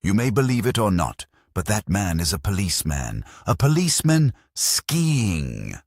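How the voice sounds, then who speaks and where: A booming, haughty old lady, put on by a male narrator in a mystery audiobook. She raises her voice high over a deep husky base, every word dripping disapproval. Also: big pitch swings, moderate pace, a little mellow, no echo, clean studio sound, full character voice. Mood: disapproving. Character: genteel older English woman, disapproving, acid.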